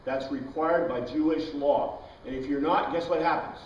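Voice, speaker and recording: A man's voice: a little high, steady tone, normal speed, slight background noise. A man teaching an informal Bible class, chatty, quizzing his students and wandering into tangents. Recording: dull, echoey room recording from far off.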